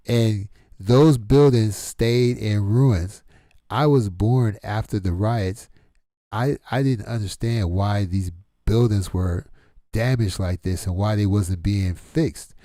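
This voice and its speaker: Man, middle-aged, low pitch, dark mellow tone, blunt and exasperated commentary, dry close sound. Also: takes it slowly, long pauses, no room sound. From Detroit. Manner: blunt, exasperated, rhetorical questions. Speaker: channel host. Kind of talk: casual commentary monologue.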